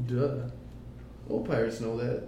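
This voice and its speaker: A man's voice: medium pitch, little pitch movement, dark tone. A man chatting casually before a tabletop game, joking and laughing often. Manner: jokey, laughs often, slow drawn-out delivery. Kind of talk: casual chat. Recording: echoey room, faint noise.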